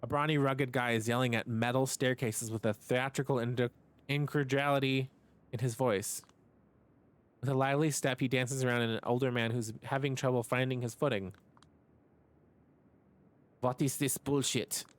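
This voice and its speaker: A man's voice: mid-range voice, fairly even intonation, clean tone. Casual male streamer reading game text. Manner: casual, with quick offhand asides to chat.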